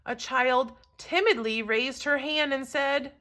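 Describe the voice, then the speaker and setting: Reading a storybook to children in a high voice, a woman teacher stops now and then to pose questions, her delivery warm, encouraging and expressive.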